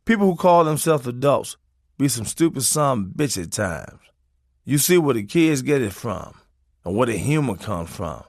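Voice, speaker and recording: A man narrating a comic memoir in a profane, preachy way, swinging his pitch for emphasis. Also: very animated, moderate pace, darkish tone, dry recording, clean studio sound.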